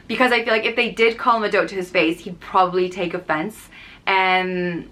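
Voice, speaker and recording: Bright-voiced Irish woman explaining slang. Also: medium pitch, moderate pace. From Ireland. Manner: chatty, with many "um"s and playful acted-out example phrases. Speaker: vlogger. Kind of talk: casual explanatory vlog.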